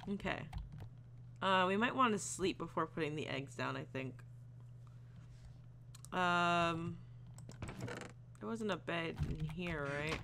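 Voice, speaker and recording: A let's player with a lowish, fairly bright voice and vocal fry speaks slowly and pauses often. She chats casually through her game, giggly, talking to the animals and using silly voices, with a little hiss or hum.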